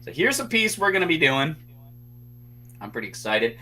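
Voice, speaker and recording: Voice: mid-range voice, big pitch swings, moderate pace, pushed and bright, slight background noise. A livestream host and artist chatting casually to viewers while coloring, rambling with fillers.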